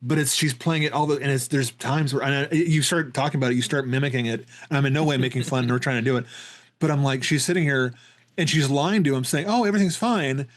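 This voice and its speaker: A man hosts a horror film podcast in a loose, casual back-and-forth. His voice sits at an everyday middle pitch, and his sentences wander, restart and repeat words as he works out his thoughts. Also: fairly even intonation, fast talker. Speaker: podcast host.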